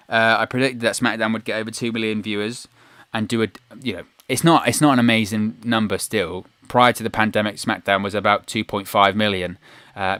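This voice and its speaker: A man giving an opinionated, animated solo review of a wrestling show on his video channel, acting out quotes in a raised voice. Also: lowish voice, clean tone, no echo. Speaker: wrestling news YouTuber.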